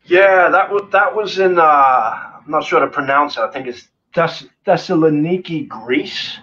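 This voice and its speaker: This man, a punk band singer, has a voice on the high side with a sharp tone and moderate pace, captured in lo-fi sound. Appearing as a guest on a remote live stream call, he tells road stories full of constant swearing, rambling, and frequent fillers.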